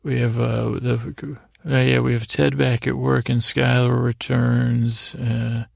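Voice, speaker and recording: A man with a heavily gravelly, fry-laden voice and a flat, even delivery rambles through a bedtime recap. He meanders, stalls and restarts often. The sound is close and very dry. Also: medium pitch, dry recording. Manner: meandering, halting retelling with many restarts. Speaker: sleep podcast host.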